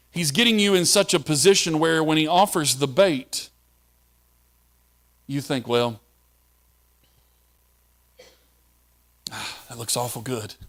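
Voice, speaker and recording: A man's voice: fairly high pitch, fairly bright tone. A male pastor preaching a sermon in a conversational way, asking the listeners questions.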